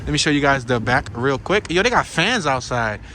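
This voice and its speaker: A man narrating a casual walking tour through town, talking to viewers in an excitable, slangy way. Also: medium pitch, a little fast. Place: outdoors on town streets. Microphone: handheld camera on a gimbal. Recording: outdoor street noise.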